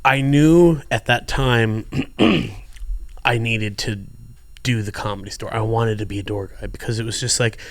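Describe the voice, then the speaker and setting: A man's voice: fairly low pitch, unhurried, no room sound. A man, a comedian guest, telling stories in casual podcast chat and swearing freely. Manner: animated storyteller who swears freely.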